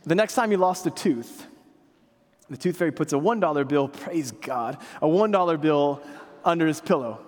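Pastor, male, 30s; light high voice, chatty sermon delivery with self-mocking humor, church hall with long echo. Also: lively intonation, normal speed. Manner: conversational storytelling preacher, self-deprecating humor. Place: church sanctuary.

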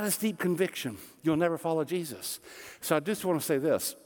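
A man's voice: fairly high pitch, animated, brisk, a little mellow. A middle-aged man, a pastor, preaching a sermon in a church sanctuary with earnest emphasis and rhetorical questions. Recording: long hall reverb.

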